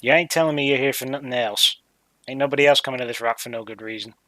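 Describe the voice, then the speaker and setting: A surly frontier barkeep, as a man puts him on, blunt and suspicious of strangers. The voice is bright and forceful, and it sounds dry and close. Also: medium pitch, fairly even intonation, fast talker, no echo, close to an everyday voice.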